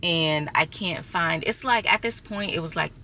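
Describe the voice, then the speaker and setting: A woman's voice: fairly low pitch, normal speed, bright, forceful tone, a little hiss or hum. A young adult woman vlogging casually to her viewers, chatty and exasperated as she talks to them as y'all. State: six months pregnant. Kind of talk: casual storytelling vlog.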